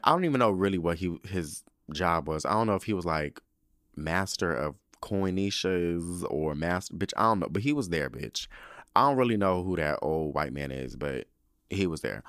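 A man's voice: low voice, fairly bright tone, clean tone, no room sound, studio quality. Sassy, profane man recapping a show. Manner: sassy, profane, slangy storytelling; drinking while talking. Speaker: podcast host. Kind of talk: casual recap commentary.

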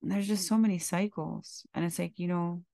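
Low, gravelly-voiced woman speaking from the heart. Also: fairly even intonation, normal speed, warm tone, no echo, clean studio sound. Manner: heartfelt and confessional, casual swearing. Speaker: podcast host. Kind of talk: candid reflective monologue.

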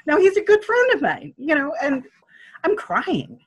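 An older woman telling a personal story in a casual interview, animated and acting out what people said. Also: high voice, measured pace. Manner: animated, acting out quoted speech. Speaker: guest.

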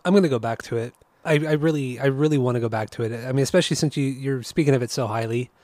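A man co-hosting a podcast in casual chat, easygoing and quick to laugh, with hesitant restarts. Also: mid-range voice, darkish tone, dry recording. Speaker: podcast co-host.

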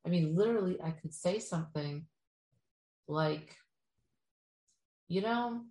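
A woman's voice: sits low, moderate pace, mellow, reverberant, poor audio. A woman giving casual motivational advice, often checking in with "right?" and acting out what other people might say. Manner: acts out quoted people in bouncy voices, frequent "right?". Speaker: speaker giving life advice.

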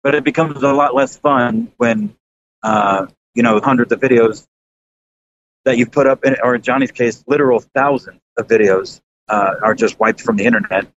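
A man from the American South talks loosely on a podcast, rambling through fillers and restarts and swearing casually. His voice sits at an ordinary pitch, and the recording sounds slightly dull, with a faint rumble underneath. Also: normal speed. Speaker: YouTuber guest.

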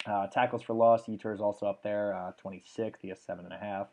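A man's voice: fairly low pitch, steady tone, fast, darkish tone. A young man hosting a sports podcast, chatting casually and reeling off stats with lots of fillers. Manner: enthusiastic, rattles off stats with fillers. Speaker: podcast host.

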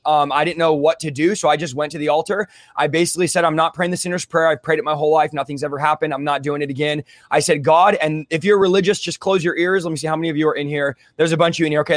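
A young man from California tells his story in a relaxed interview. He speaks fast, with a high voice and plenty of slang. The sound is dry and close to the mic. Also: dry recording. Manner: fervent, rapid, casual slang like "bro" and "dude". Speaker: guest telling his testimony.

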